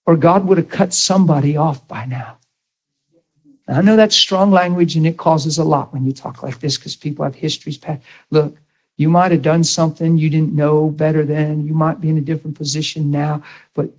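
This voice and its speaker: A middle-aged man preaching with emphatic, storytelling energy. His voice sits a little higher than most men's. He calls on his listeners for an answer as he drives his point home. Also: a little mellow, low-quality recording. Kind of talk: sermon.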